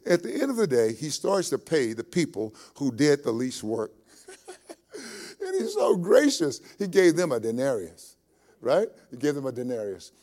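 A male pastor delivers a sermon at a mid pitch. His delivery is folksy and homespun, and he repeats short phrases to drive his points home. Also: very animated, normal speed, warm tone.

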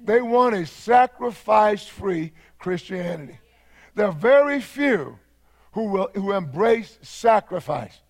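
A man with a Texan accent preaching a sermon as pastor, repeating phrases and rising to fervent shouts. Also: high voice, animated, slow pace.

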